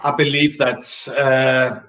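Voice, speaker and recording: A man reflecting on his beliefs as a guest in a casual talk. His delivery is halting and full of hesitations, and his pitch stays fairly flat and steady. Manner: halting, many fillers and restarts, reflective. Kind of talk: casual spiritual discussion.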